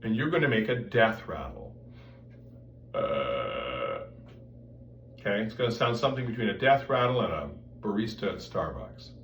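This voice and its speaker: A man leads a voice lesson, explaining each step and stopping to demonstrate sounds. His pitch moves freely, sitting in the middle of the range. The recording is roomy and picked up from a distance, with faint noise behind him. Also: animated, fast talker, hardly any pauses, a bit bright. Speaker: voice teacher. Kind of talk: vocal technique lesson with demonstrations.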